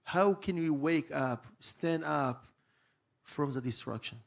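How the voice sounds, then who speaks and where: Guy interviewing someone at a conference, slow earnest delivery, higher-ish voice. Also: creaky. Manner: earnest, builds up a long question.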